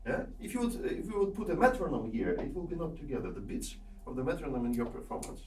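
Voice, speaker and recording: Male piano coach, fairly high and animated, sings rhythms and checks in with "yeah?", miked from afar in an echoey room. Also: quick pace, very noisy. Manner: sings rhythms aloud and keeps asking "yeah?". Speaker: piano teacher giving a masterclass. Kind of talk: masterclass coaching. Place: small room with a large piano. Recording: echoey room, heard from far off.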